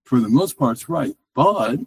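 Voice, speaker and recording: A man's voice: mid-range voice, expressive, normal speed, creaky, husky, no room sound. A man calling in to a talk show, rambling with many restarts. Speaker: caller. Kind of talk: casual call-in chat.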